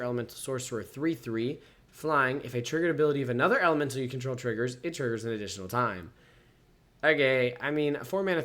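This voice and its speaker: Casual man rating trading cards. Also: mid-range voice. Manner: reads card text then rates it out of ten, casual fillers. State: yawning, sleepy. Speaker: card game reviewer. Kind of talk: casual set review, reading cards aloud.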